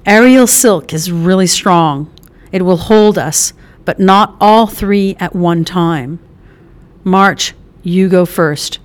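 A woman's voice: lowish voice, takes it slowly. A woman reading a novel aloud as an audiobook narrator, lightly voicing the characters, with small restarts.

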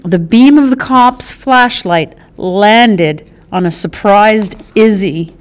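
A woman narrating an audiobook in a measured, expressive way. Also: medium pitch. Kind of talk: scripted narration.

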